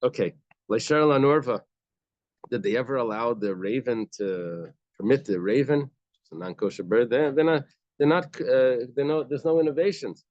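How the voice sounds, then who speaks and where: A man's voice: mid-range voice, moderate pace, a little mellow, dry recording, highs cut off. A man teaching a daily Talmud class, reading short bits of Aramaic and then explaining them in casual, conversational English.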